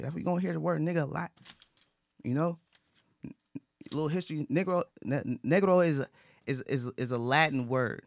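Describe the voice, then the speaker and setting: Gravelly man talking earnestly, dry room. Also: on the high side, fairly quick, no echo. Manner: earnest, repetitive, with frequent restarts and profanity. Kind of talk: casual talk.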